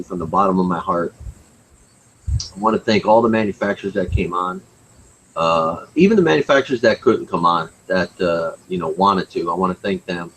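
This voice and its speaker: Low-voiced male co-host, casual and emotional, on a video call with faint hiss. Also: fairly bright tone, low-quality recording. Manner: emotional, choked up, halting. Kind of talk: casual chat.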